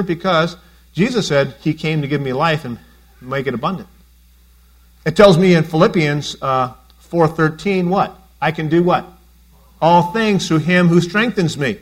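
Man preaching, higher voice. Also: animated, moderate pace, a bit bright, breathy edge. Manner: conversational preaching, asks the congregation questions. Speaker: pastor. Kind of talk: sermon.

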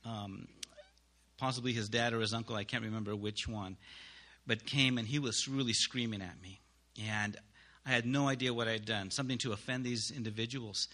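A man, a missionary, giving an earnest spoken testimony to a congregation, halting with pauses and restarts. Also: lowish voice, fairly even intonation, bright, forceful tone.

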